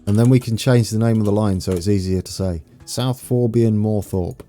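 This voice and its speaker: A young man with an East Anglian accent chats loosely through a live game stream, laughing at his own slips and greeting viewers. His voice sits low, with a dark, mellow tone. Faint music plays behind him. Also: steady tone, fairly quick. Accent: East Anglian English. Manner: chatty, self-mocking, laughs often, reads out viewer names. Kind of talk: casual live-stream chat while playing.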